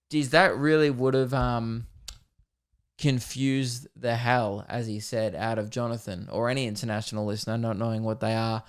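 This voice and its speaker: Rambling Australian man, smooth voice. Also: medium pitch. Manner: rambling, jokey, swears casually. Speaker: podcast host. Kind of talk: casual solo podcast chat.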